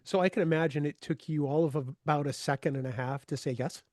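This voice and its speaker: A man's voice: a little high, fast talker, a little mellow, dry recording, clean studio sound. A middle-aged man co-hosting a fan podcast over a video call, asking friendly questions and ribbing his co-host. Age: 50s. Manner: friendly, joking. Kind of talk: casual interview chat.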